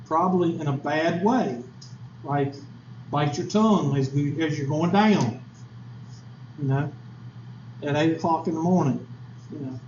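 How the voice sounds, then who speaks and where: A man's voice: a little high, unhurried, pauses often, a little mellow, a little hiss or hum. A man teaching statistics in a classroom lecture, folksy and chatty, quizzing his students with asides. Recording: echoey lo-fi classroom recording.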